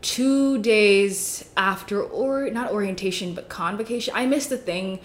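A woman's voice: mid-range voice, a little slow. A young woman telling a rambling story on a podcast as a guest, packing her talk with "like". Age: young adult. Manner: rambling, fills with "like" constantly. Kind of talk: casual storytelling.

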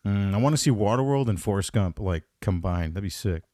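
A man hosting a comedy podcast with a slightly low voice, recorded close and dry. He rambles and swears freely, getting excited as he riffs. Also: brisk, no echo. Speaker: podcast host. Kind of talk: casual comedic podcast chat.

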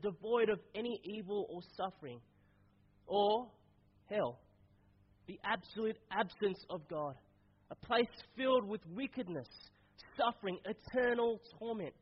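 A man's voice: extremely high pitch, dull audio. A man preaching a sermon in a casual, conversational way, his voice stuffy and nasal from a cold.

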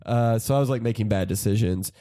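A lower-pitched man in his forties with a warm, mellow tone, telling a story on a podcast. He rambles, fills every pause with "like," and keeps breaking into laughter. The sound is close and dry, with no room around him. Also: dry recording. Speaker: podcast guest. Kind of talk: casual comedic storytelling.

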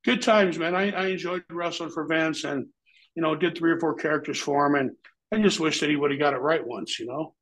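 A man's voice: on the high side, brisk, rough recording. A man in his fifties, a retired pro wrestler, telling blunt, profanity-laced stories in a candid interview. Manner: profane, blunt, animated when quoting others.

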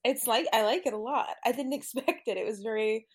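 A woman's voice: on the high side, fairly quick. A woman co-hosting a podcast among friends, giggly and casual, with many filler words. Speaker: podcast co-host.

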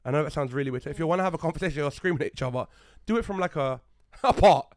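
Young man, podcast chat, quick, slightly high voice, dead-dry room, swears freely. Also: no echo. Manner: animated, swears a lot, heated retelling. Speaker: podcast co-host. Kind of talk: casual storytelling chat.

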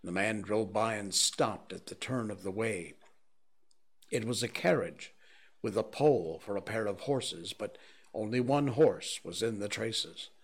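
A man reading a novel aloud as an audiobook narrator, in a slow, measured and grave way. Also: lowish voice, husky. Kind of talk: scripted narration.

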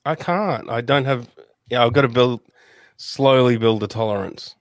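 A man's voice: mid-range voice, normal speed, no echo. Man, podcast guest, jokey, rambling, stumbling restarts, dry close sound. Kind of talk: casual podcast chat.

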